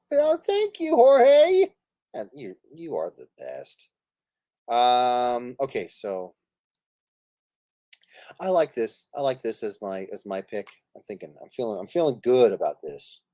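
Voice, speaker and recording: A man's voice: mid-range voice, no echo, studio quality. A man hosting a live stream, chatting casually and laughing while he plays a card game with friends. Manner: animated, laughing, swearing playfully. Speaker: streamer host.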